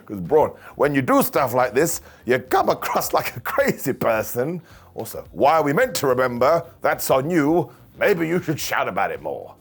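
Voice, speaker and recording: Animated, husky man. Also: mid-range voice, moderate pace, faint music behind. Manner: animated, laughing, jokey asides. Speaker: wrestling show reviewer. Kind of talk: casual review commentary.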